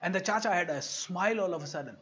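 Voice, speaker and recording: A man's voice: sits high, fast talker, a bit bright, highs cut off. An Indian man giving a motivational talk as a coach, telling stories animatedly and acting out quoted voices. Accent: Indian English.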